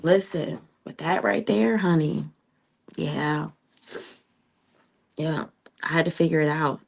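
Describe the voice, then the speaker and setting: A middle-aged woman speaks in a low voice. She chats with her livestream audience in a casual, familiar way. She calls them "child" and "honey.". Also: takes it slowly, gravelly. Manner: chatty, talks to viewers, says "child" and "honey". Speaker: livestream host.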